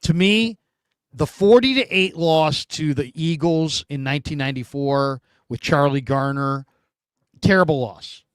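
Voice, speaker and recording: A man hosting a casual sports talk show, telling stories in an animated, emphatic way. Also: fairly high pitch, a little slow, clean tone, dry recording, studio quality.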